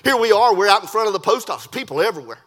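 A man preaching a sermon, telling a story in an animated way and often repeating his words. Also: high voice, rapid-fire. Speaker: preacher, missionary. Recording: long hall reverb.

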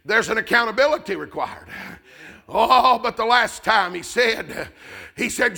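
A man preaching a fervent revival sermon, shouting in a rising cadence. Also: high-pitched, animated, normal speed, gravelly, slightly rough.

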